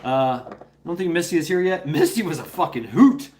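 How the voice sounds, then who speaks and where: A man's voice: a little high, very animated, fairly quick, darkish tone. A man hosting a casual live stream, rambling playfully, greeting viewers by name and coaxing his dog between remarks. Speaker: livestream host.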